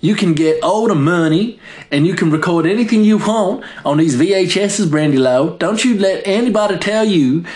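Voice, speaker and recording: An old granddaddy with a drawl lays down his folksy rules for life, voiced by a man. The voice sits higher than the man's own and comes out a touch loud and insistent. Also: lively intonation, normal speed, reverberant. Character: gruff old Southern granddaddy giving life advice.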